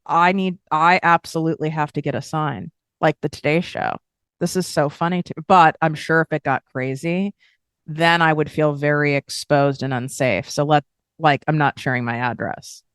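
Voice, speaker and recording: Woman, low pitch, smooth clear voice, blunt casual coaching, swears freely. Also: moderate pace, no echo, studio quality. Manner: blunt, swears freely, animated with emphatic asides. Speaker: podcast host and business coach.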